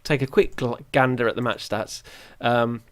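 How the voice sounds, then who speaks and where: A man's voice: mid-range voice, fairly even intonation, normal speed. Chatty man commentating a game. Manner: chatty and rambling, self-mocking, reacts aloud to the match. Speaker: gaming YouTuber. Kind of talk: casual let's-play commentary.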